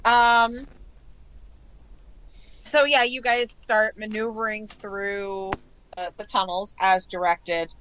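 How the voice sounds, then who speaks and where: A woman's voice: medium pitch, fairly even intonation, slow pace, long pauses, fairly bright tone, slight background noise, poor audio. A woman narrating as game master of a tabletop game, hesitant with frequent ums.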